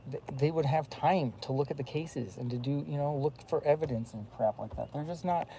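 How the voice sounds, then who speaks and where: Man talking to camera, gravelly dark voice, rambles with fillers, faint hiss behind. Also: on the high side, fairly quick, low-quality recording. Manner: rambling, many fillers and restarts. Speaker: vlogger. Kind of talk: rambling casual monologue.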